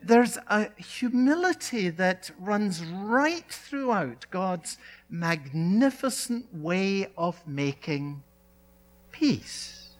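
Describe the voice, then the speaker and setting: A male pastor delivering a sermon, speaking in emphatic phrases with dramatic pauses and repetition. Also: high-pitched, very animated.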